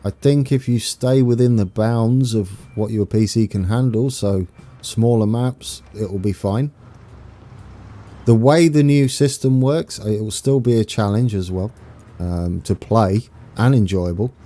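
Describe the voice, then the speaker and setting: A man's voice: lowish voice, measured pace, mellow. A young English man with an East Anglian accent streaming a game, chatting casually, laughing at himself and greeting viewers by name. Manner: chatty, self-mocking, laughs often, reads out viewer names. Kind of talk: casual live-stream chat while playing.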